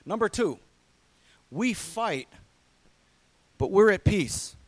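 A man preaching a sermon as a pastor in an earnest way, swinging between emphatic lines and hushed ones. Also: high voice, expressive, slow pace, no echo.

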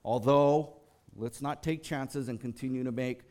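A man's voice: mid-range voice, a little slow. An American man giving a sermon, telling stories animatedly and acting out the voices of the people in them. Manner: animated storytelling, acts out quoted voices. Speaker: lay preacher.

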